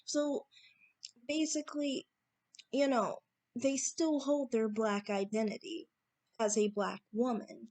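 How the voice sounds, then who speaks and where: A woman with a slightly raised pitch delivers a monologue to her audience. She is assertive and hammers points home by repeating them, pausing with fillers between phrases. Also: little pitch movement, darkish tone. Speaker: YouTube commentator. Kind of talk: opinion monologue to camera.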